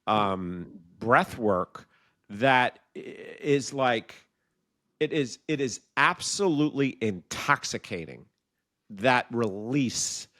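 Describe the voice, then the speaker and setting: A podcast guest, a man with a mid-pitched voice, tells a story loosely and jumps up in pitch to act out its characters. The recording is dry and close. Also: expressive, slow pace, sharp tone, no echo. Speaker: guest, founder of a sobriety community. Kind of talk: casual podcast conversation.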